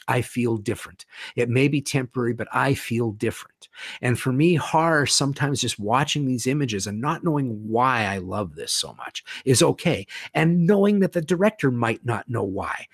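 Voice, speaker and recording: A man chatting enthusiastically as a guest, animated, with casual swearing. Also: mid-range voice, normal speed, creaky, slightly rough, no echo, clean studio sound. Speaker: guest, horror author and podcast host. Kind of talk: casual conversation.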